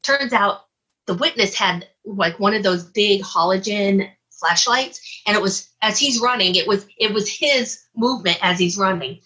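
Casual guest storyteller, a woman with a husky, bright voice, lively and expressive. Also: mid-range voice, measured pace, lo-fi sound. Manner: animated, acts out her own reactions. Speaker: guest, UFO investigator.

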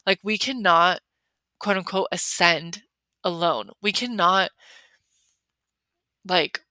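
Her voice sits lowish, slow and sharp, with no echo around it. The young adult woman runs a solo podcast, chatting away in an emphatic, filler-heavy style where "like" keeps cropping up.

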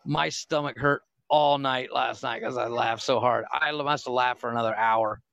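A man's voice: medium pitch, fairly even intonation, normal speed, gravelly, a bit bright, lo-fi sound. A man co-hosting a podcast, telling profane stories in casual chat and laughing often. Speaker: podcast co-host. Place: home recording room.

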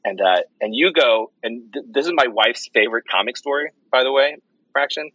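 A man's voice: medium pitch, moderate pace, sharp tone, breathy edge, dry recording, low-quality recording. A man who is a guest on a podcast, chatting casually and rambling through a story with many restarts. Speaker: podcast guest, comics writer. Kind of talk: casual chat.

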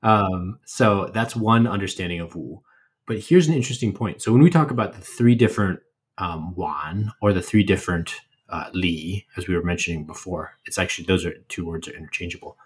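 A man co-hosting a podcast, explaining things in a relaxed, casual way with playful asides. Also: sits low, fairly quick, husky. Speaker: podcast co-host. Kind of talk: casual educational chat.

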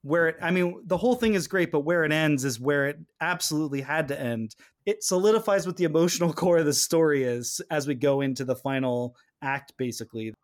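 A man's voice: on the high side, a little fast, hardly any pauses. Man hosting a chatty podcast. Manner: animated retelling of scenes, quoting characters. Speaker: podcast host. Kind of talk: casual chat.

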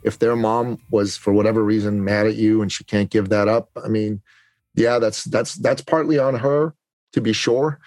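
Earnest lower-voiced man telling his story. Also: fairly even intonation, normal speed, a little mellow, dry recording. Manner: earnest, confessional, repeats words while gathering thoughts. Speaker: podcast guest. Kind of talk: candid personal storytelling in a podcast conversation.

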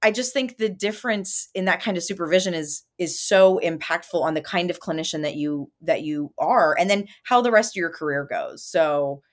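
A woman's voice: lowish voice, normal speed, hardly any pauses. A woman hosting a casual podcast chat, speaking earnestly and encouragingly to listeners. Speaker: podcast host.

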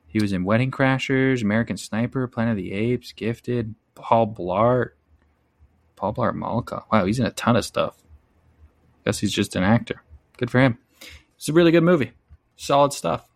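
A man's voice: mid-range voice, moderate pace, creaky, dry recording. A young man co-hosting a podcast, rambling enthusiastically in casual chat and often tossing in "man" and "like". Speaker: podcast co-host.

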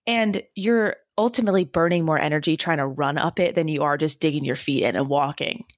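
A woman's voice: sits low, fairly quick, no room sound, studio quality. A young woman co-hosting a podcast, telling personal stories candidly in casual chat and laughing often. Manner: candid, animated storyteller who laughs often. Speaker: podcast co-host.

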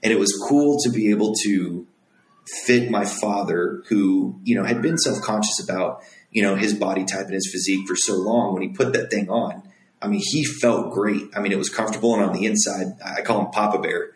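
A man's voice: on the low side, fairly even intonation, a little fast. A young man in his twenties, a made-to-measure clothier, telling a personal story in an earnest, rambling way with lots of fillers. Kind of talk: casual storytelling. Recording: echoey room.

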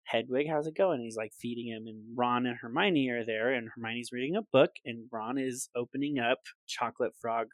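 A man recorded close and dry on a podcast mic, voice sitting at an ordinary pitch for a man. He retells a film scene with animated energy in a casual chat, slipping into quick voices for the quoted lines. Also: no echo. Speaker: podcast co-host.

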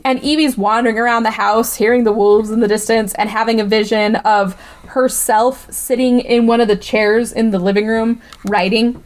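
On a podcast, a woman with a slightly high voice gives a casual, sarcastic movie recap at normal speed and a steady tone. Her chatty delivery is loaded with "like" and "right?" plus asides to her co-host.

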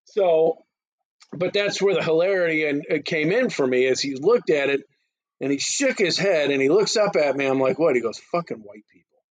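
Crude, animated man telling stories. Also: fairly high pitch, normal speed, no echo, low-quality recording. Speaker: podcast co-host. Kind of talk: casual storytelling chat.

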